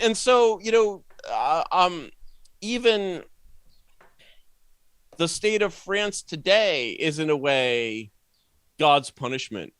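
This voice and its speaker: Man, podcast guest, rambling sardonic riffer, slightly high voice. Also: lively intonation, slow pace, long pauses, a bit bright, smooth, no echo. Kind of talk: casual podcast conversation.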